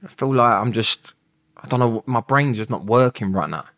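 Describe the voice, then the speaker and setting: A man's voice: mid-range voice, lively intonation, moderate pace, a bit bright. A young man with a London accent, telling a rambling story as an interview guest, swearing and laughing as he talks. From England.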